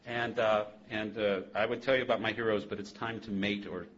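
A man giving a personal testimony talk as a speaker at a recovery meeting, an animated storyteller who laughs often and then drops to a hush. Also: fairly low pitch, fairly quick, slight background noise. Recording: muffled lo-fi recording.

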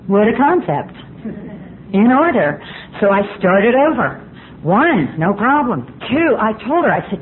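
A woman's voice: medium pitch, very animated, a little slow. A woman speaking at a recovery meeting, telling her personal story with candid, self-mocking humor. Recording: tinny phone-like line with faint hiss.

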